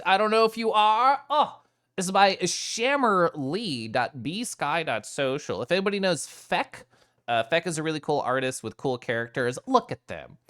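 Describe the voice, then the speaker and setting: A man's voice: medium pitch, a bit bright, clean tone. Giggly playful streamer guy. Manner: giggly, playful, chatty with chat. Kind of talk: casual stream chat.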